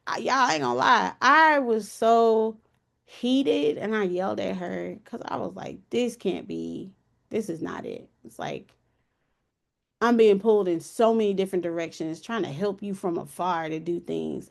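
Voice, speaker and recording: A woman's voice: on the low side, creaky. A woman in her thirties hosting a podcast, telling a personal story in a candid, emotional, colloquial way. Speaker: podcast host.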